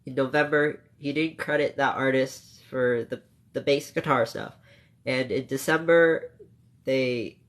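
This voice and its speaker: A streamer telling a story to live chat in a casual, rambling way, turning emotional and playfully scolding viewers, with frequent swearing and quick self-corrections. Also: mid-range voice, a bit bright.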